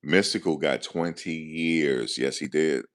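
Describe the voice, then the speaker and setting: A man's voice: rumbling low, a little slow, a bit bright. A man hosting a live stream, chatting casually and jokingly. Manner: loose, joking, talks back to chat. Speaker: livestream host. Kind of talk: casual commentary to live chat.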